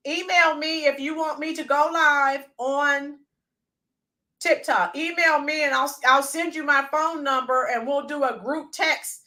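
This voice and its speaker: A woman's voice: sits high, pushed and bright. A woman hosting a casual livestream, chatting with viewers and greeting them by name. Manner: chatty, reads out viewer names, bursts into sung snippets. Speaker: livestream host.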